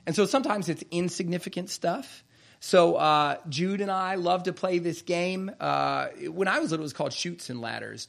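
A man preaching a sermon, reading scripture aloud and slowing down to stress key phrases. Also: fairly high pitch, vocal fry.

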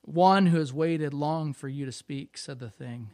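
A great calm lion from a storybook speaks softly and slowly, as a man reads him aloud. The voice stays low, quiet and reassuring, with a slightly raised pitch. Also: dry recording, studio quality. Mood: calm, gentle. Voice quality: soft, low and hushed. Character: vast deep-voiced male lion, calm and gentle.

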